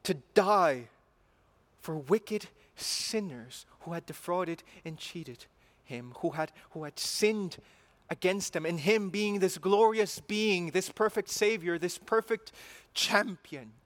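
A man's voice: high voice, takes it slowly, a bit bright. A man preaching a sermon in an earnest way, repeating phrases and building to emphatic passion.

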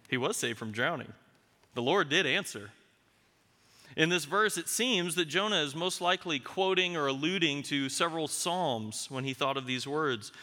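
A man's voice: mid-range voice, pushed and bright, long reverb tail. A man preaching an expository sermon, reading scripture aloud and adding dry, wry asides. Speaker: pastor.

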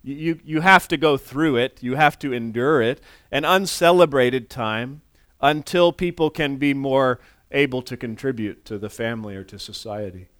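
A man's voice: mid-range voice, normal speed, fairly bright tone, no echo, clean studio sound. A man in his forties preaching a sermon in a conversational way, often restarting words and acting out quoted voices. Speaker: pastor.

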